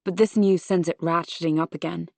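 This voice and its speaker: A woman reading a suspense novel aloud in first person, measured and close to the microphone. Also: on the low side, steady tone, gravelly, no echo. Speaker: audiobook narrator.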